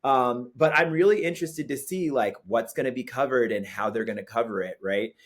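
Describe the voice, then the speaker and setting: A man as a podcast guest, talking in a chatty, animated way with many fillers. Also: mid-range voice, brisk. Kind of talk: casual chat.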